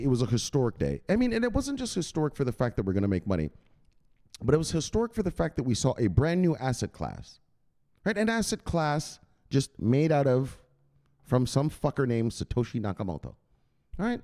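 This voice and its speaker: Profane, animated man hosting a crypto vlog. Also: mid-range voice. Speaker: crypto channel host. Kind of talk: casual profane vlog chat. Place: home at night.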